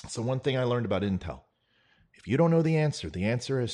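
A middle-aged man with a warm, sing-song voice at medium pitch gives an earnest political monologue addressed straight to the listener. He is a political commentator, speaking conversationally and dropping in quick impressions.

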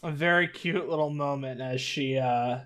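A man's voice: a little high, normal speed, a bit bright. A man co-hosting a podcast, casually and bluntly recapping comic books. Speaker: podcast co-host.

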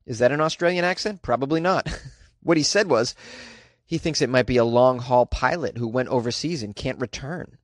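A man's voice: mid-range voice, moderate pace, dry recording, clean studio sound. A man hosting a show, reading offbeat news stories aloud and breaking in with sarcastic, jokey asides and laughter. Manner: sarcastic, jokey, laughs at his own bits. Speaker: host.

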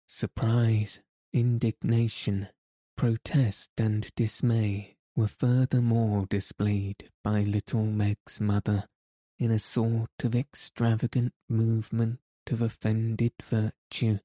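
A man reading a classic novel aloud in measured, even scripted narration. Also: on the low side, no echo, clean studio sound. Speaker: audiobook narrator.

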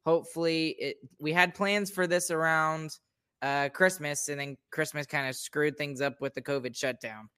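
Smooth-voiced man hosting a sports podcast. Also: fairly high pitch, fairly even intonation, normal speed, sharp tone. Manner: upbeat, pleading sign-off banter. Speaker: podcast host. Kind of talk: casual sports podcast chat.

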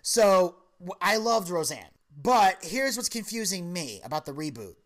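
A woman in her thirties chatting on a podcast, telling stories in an animated, profane way with sudden high, loud outbursts. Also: measured pace. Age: 30s. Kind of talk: casual chat, storytelling.

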